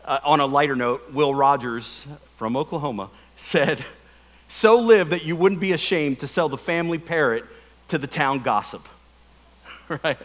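A man's voice: a little high, moderate pace. A middle-aged man preaching a sermon with jokes and questions to the congregation. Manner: animated, joking, asks the crowd questions. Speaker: pastor. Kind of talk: humorous sermon.

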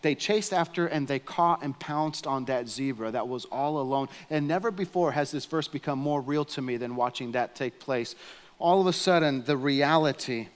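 A man's voice: medium pitch, normal speed, few pauses. A man, a pastor preaching a sermon, telling stories earnestly and pressing his appeals with fervour. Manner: earnest storytelling, rising to fervent appeals. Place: church sanctuary. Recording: long hall reverb in a church.

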